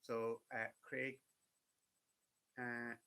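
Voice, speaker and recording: A man's voice: mid-range voice, little pitch movement, extremely slow, bright, forceful tone, clean tone. Chatty man reading tarot live. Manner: chatty, repetitive, reassuring, addresses viewers by name. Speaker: tarot reader. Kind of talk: live-stream one-card readings.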